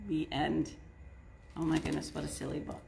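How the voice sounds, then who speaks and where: A woman's voice: low voice, flat delivery, normal speed, creaky, noisy background. A woman children's librarian leading an online story time and craft, chatting directly to kids from a table in front of her camera. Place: indoors at a table. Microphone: camera set on the table.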